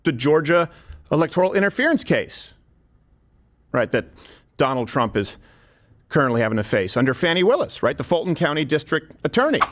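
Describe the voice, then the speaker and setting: Brief: male commentary host, lively pitch, pushy and direct to camera. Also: brisk, pauses often. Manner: emphatic, argumentative, addresses viewers directly. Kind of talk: scripted commentary narration.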